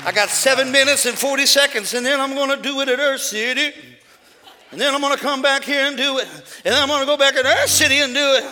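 A middle-aged man preaching a lively sermon, telling stories in quiet asides and then shouting his points. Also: fast talker, long reverb tail, soft background music, some chatter behind. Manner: storytelling, swings from low asides to shouted preaching. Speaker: pastor. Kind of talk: energetic sermon.

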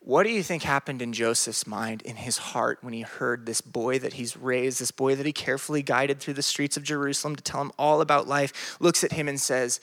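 Animated joking male pastor. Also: medium pitch, fairly quick, few pauses. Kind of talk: sermon to a youth group.

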